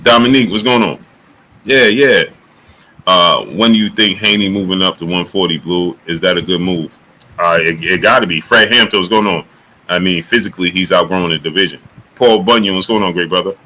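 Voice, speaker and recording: A man hosting a casual boxing talk livestream, greeting chatters by name and jumping into high excited exclamations. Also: fairly quick, slight background noise, rough recording. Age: adult. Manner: animated, rising to high excited exclamations when joking. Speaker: livestream host.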